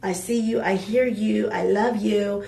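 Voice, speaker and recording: A woman's voice: medium pitch, fairly even intonation, unhurried, gravelly, mellow. Exuberant woman hosting a shopping show. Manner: chatty, exuberant, playful asides. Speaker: home shopping host. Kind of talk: live jewelry sales pitch. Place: TV shopping studio. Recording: roomy studio sound, mic at a distance.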